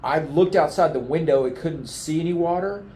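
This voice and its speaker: A man's voice: on the high side, warm tone, slight background noise. Emotional man in a roomy space. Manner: heartfelt, halting, emotional. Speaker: flood survivor giving testimony. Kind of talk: interview testimony. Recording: roomy echoing room.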